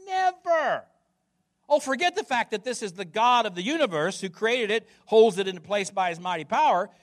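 Animated high-voiced male preacher. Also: fairly quick. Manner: emphatic, repeats words, asks the congregation questions. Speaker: pastor. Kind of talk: sermon.

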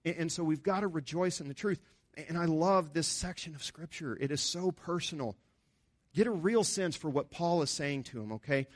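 A pastor delivers a sermon with his voice sitting somewhat high for a man. He talks to the congregation in an earnest, conversational way, lifting his voice with emphasis on the points he wants to land. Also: moderate pace, no echo.

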